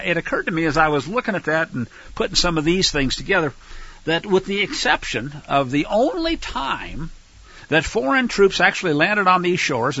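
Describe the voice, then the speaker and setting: A middle-aged man teaching scripture in a sermon style, emphatic and rising to loud peaks when he quotes. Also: a little high, husky, no echo. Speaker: bible teacher. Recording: dull lo-fi dry recording.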